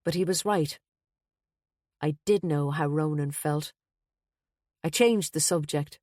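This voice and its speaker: A woman with a fairly low voice reads a first-person mystery in a steady, measured way. The sound is dry and close, with no room around it. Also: no echo. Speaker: audiobook narrator.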